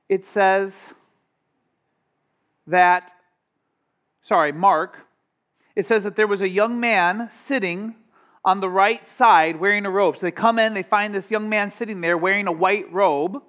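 High-voiced animated male pastor. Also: muffled recording. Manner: animated, conversational preaching with asides and acted quotes. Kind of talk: sermon.

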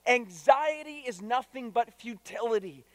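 A man's voice: very high-pitched, expressive, a little slow, dry recording, long reverb tail. A man preaching a sermon to his congregation, emphatic, repeating key phrases and putting direct questions to his listeners. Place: church.

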